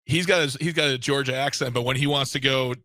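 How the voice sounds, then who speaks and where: A man co-hosting a talk show, telling a quick, chatty anecdote. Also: mid-range voice, fairly even intonation, bright, forceful tone, dry recording. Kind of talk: casual talk-show chat.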